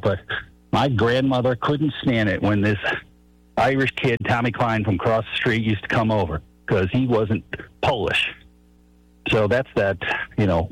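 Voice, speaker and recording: A man's voice: lowish voice, dry recording, poor audio. A man from Chicago calling in to a radio talk show, chatty and folksy, laughing as he tells stories. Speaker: caller.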